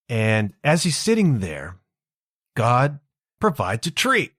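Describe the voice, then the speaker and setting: A man hosts a podcast and tells a story in a casual, irreverent way. His pitch swings widely as he speaks. The recording is close and dry. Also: dry recording. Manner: animated, irreverent, conversational. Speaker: podcast host.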